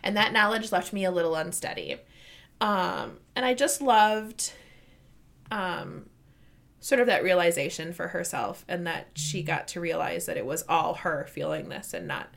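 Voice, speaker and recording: A woman's voice: fairly low pitch, creaky. Chatty woman podcast co-host. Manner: chatty, laughs often, trails off softly. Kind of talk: casual book discussion.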